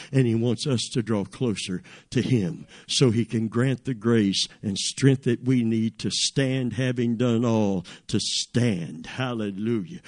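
A male pastor delivering a sermon in a church, his voice sitting fairly high for a man. He swells into emphatic, stretched-out declarations and then drops back to steady, earnest explanation. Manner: preaching with rising emphatic calls and drawn-out phrases. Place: church sanctuary.

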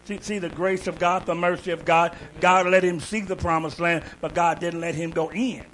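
High-pitched, bright-voiced male preacher. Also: fairly even intonation, normal speed, poor audio. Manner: call-and-response preaching, rising to shouts. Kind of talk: sermon. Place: church.

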